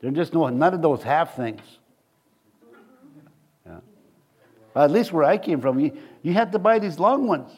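A man's voice: a little high, animated, measured pace, pauses often, darkish tone, slightly rough. A middle-aged man, preaching a conversational sermon to a congregation in a church. He rambles and jokes, often laughing at his own stories.

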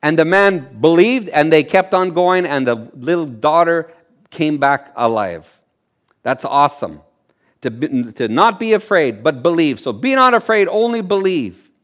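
Man, high voice, preacher, sermon, animated, laughing, acting out quotes. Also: unhurried. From Canada.

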